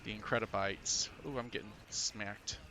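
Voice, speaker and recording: Bright-voiced chatty man storyteller. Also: fairly low pitch, steady tone, moderate pace, slight background noise. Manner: chatty storyteller, chuckles often, many fillers. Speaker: podcast co-host. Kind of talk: casual chat on a live game stream.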